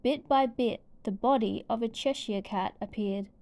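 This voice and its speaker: A woman reading a children's storybook aloud as narrator, gentle and clear. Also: fairly high pitch, moderate pace.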